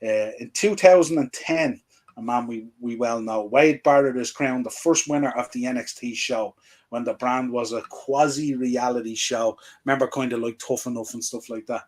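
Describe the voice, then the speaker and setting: A man hosting a wrestling chat show, his voice sitting at an ordinary middle pitch. He talks casually and laughs easily, trailing off into fillers between points. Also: normal speed. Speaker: podcast host.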